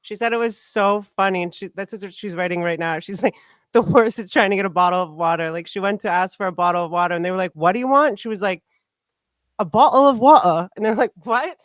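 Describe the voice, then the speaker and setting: Brief: talkative, teasing female host, smooth clear tone, dry sound. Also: lowish voice, dry recording. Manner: chatty, teasing, fast storytelling. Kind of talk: casual chat on a live stream.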